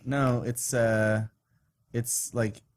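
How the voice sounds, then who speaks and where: A man's voice: mid-range voice, flat delivery, drawn-out words. A man, a guest on a podcast, talking casually and hesitantly with many fillers. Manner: hesitant, lots of fillers and restarts.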